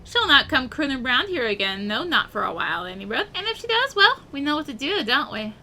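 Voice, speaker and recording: Woman doing a gruff boozy sea captain. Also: high voice, big pitch swings, a little fast, sharp tone, slight background noise, heavily acted. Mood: boisterous. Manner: rowdy, coarse sailor talk.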